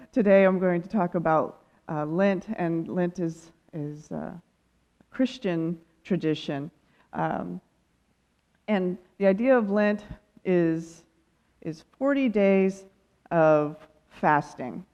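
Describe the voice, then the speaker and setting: A woman's voice: on the low side, slow pace, darkish tone. Woman guest speaker, playful sermon with self-deprecating humor; slightly dull recording in a reverberant hall. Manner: humorous, self-amused, laughs often. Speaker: guest speaker, ministerial student. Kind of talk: sermon with personal stories. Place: church sanctuary.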